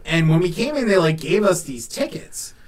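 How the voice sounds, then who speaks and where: A man casually telling a funny story on a podcast, animated, laughing and swearing often. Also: high voice, normal speed.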